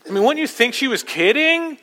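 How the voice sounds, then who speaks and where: Male pastor, sermon delivery, bright forceful tone, urgent, soft to loud. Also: extremely high pitch, animated, fairly quick, in a large hall. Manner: preaching with urgent emphasis, swinging from soft to loud. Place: church.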